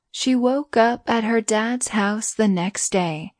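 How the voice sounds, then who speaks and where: A woman reading a bedtime story aloud in a soothing, even way. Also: on the high side, slow pace, few pauses, no echo, clean studio sound.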